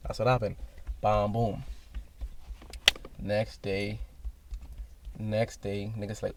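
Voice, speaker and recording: A young man telling a rambling, animated story in casual podcast chat, acting out other people's voices as he goes. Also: lowish voice, a little slow, long pauses. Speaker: podcast guest. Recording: distant mic with faint noise.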